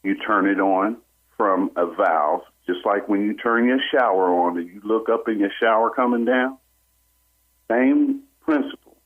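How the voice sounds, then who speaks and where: Low husky man on a phone line. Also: measured pace. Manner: animated storyteller who acts out what others said. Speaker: caller. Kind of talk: telling a personal story on a call-in radio show. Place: on a phone call into a radio show. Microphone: telephone.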